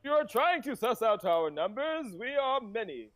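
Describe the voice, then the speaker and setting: A man's voice: very high-pitched, sing-song, moderate pace, a bit bright, rough recording. A man playing a tabletop game, speaking in character with formal, pompous diplomacy. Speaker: player. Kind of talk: in-character tabletop role-play.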